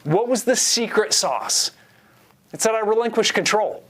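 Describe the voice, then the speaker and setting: Man, 40s, pastor, sermon, high-pitched, self-deprecating, animated storyteller. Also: moderate pace.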